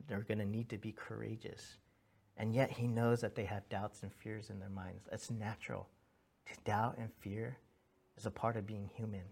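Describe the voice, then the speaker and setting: A pastor in his thirties gives a conversational sermon, earnest and animated, telling stories with restarts and asking "right?" as he goes. His voice is lowish.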